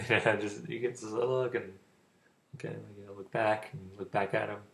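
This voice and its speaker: A little slow and fairly even in intonation, a young man speaks in a fairly low, fairly bright voice that is gravelly and heavy with fry. He rambles loosely and stutters, his words stalling and repeating. His manner is casual and offhand, like a vlogger giving advice.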